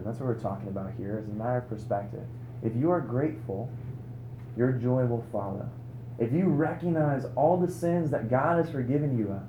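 A young man preaching a sermon at a conference, telling a story with lively rhetorical questions. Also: mid-range voice, slight background noise. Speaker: conference speaker. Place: conference hall. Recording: roomy hall echo.

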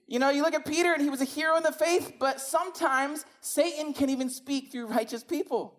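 A woman's voice: sits high, fairly quick. A woman preaching a sermon in a conversational, emphatic way, often asking rhetorical questions.

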